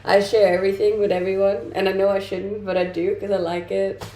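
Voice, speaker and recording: A woman's voice: mid-range voice, little pitch movement, a little fast, warm tone. A young adult woman streaming live, chatting casually and reading comments aloud with easy laughs. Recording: roomy sound with faint music behind.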